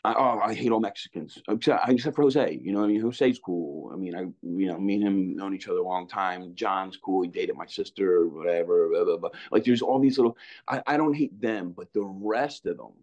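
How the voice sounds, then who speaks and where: A man's voice: deep voice, a little fast, a little mellow. A middle-aged man telling his story in a candid conversation, rambling with many restarts and casual asides like "man" and "you know what I mean". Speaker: interview guest. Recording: dull lo-fi sound.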